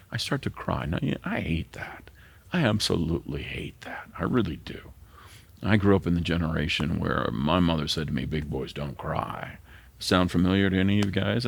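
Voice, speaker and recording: An older male pastor delivers a heartfelt sermon. His voice sits very low and is rough with fry and a husky edge. At key moments he lowers it to a soft, earnest near-whisper. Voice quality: gravelly, husky voice.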